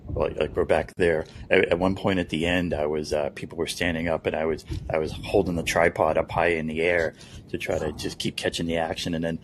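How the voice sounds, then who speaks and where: A man's voice: extremely low pitch, little pitch movement, fairly quick, slight background noise. A man co-hosting a podcast, chatting casually and telling a story with laughs and restarts. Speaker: podcast co-host. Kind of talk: casual chat.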